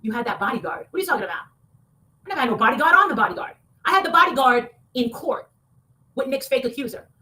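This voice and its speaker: A woman talking in a heated, casual rant, swearing often and breaking into loud outbursts. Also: high-pitched, very animated, fast talker. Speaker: online show guest.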